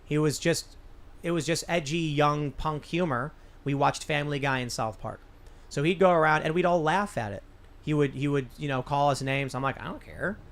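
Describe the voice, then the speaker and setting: A man's voice: a little high, normal speed, a bit bright. A man hosting a podcast, telling a long personal story in casual political talk, often restarting his sentences. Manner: rambling storyteller with frequent restarts. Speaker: podcast host.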